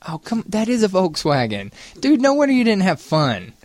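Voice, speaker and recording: A man's voice: high-pitched, wildly swooping pitch, normal speed, a little mellow. A man hosting a morning radio show, teasing his co-hosts and reading out light news items.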